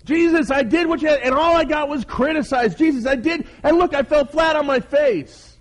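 A man's voice: very high voice, normal speed, voice pushed up. A man voicing a self-pitying male church leader who whines and pleads in a raised voice. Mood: whining. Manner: whiny, complaining, pleading.

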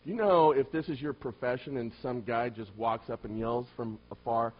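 A man preaching a sermon, firing rhetorical questions at the congregation and swinging between loud emphatic lines and quiet low asides. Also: moderate pace. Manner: asks the listeners many rhetorical questions. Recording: dull lo-fi recording.

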